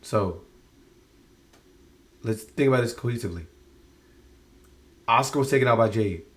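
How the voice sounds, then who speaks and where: A man's voice: mid-range voice, moderate pace. A man giving a casual spoken review of a show, exasperated and rambling, often restarting his sentences.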